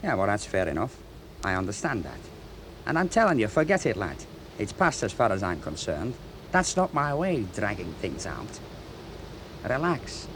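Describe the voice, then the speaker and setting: A man's voice: fairly low pitch, huge pitch swings, normal speed, a bit bright, slight background noise, heavily acted, rough recording. An actor playing a menacing able seaman in a radio drama, mocking and then threatening. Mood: placating. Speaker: ship's crewman. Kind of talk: 1970s radio drama acting.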